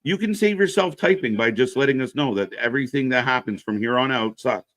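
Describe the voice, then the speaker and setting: A man's voice: mid-range voice, a little fast, fairly bright tone, dry recording. A man co-hosting a wrestling live stream, in casual, profane chat that reacts to the action and answers viewers.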